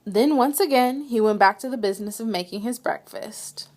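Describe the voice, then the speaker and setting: A woman reading a children's picture book aloud with expressive, dramatic storytelling. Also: fairly high pitch, moderate pace. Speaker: read-aloud reader.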